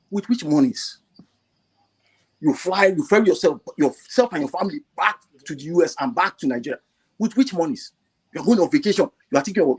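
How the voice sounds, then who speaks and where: A man calling in over a video call, talking with strong feeling and pushing his pitch up as he gets emotional. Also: slightly rough. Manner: impassioned, rising to high emotional pitch, repeats himself. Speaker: caller. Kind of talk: passionate online call-in talk.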